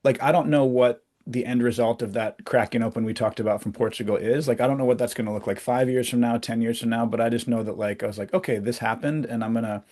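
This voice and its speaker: A man's voice: medium pitch, fairly even intonation, fast, hardly any pauses, darkish tone. A man in his thirties hosting an interview, musing reflectively and thinking aloud with frequent fillers. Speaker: host. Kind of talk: conversational interview.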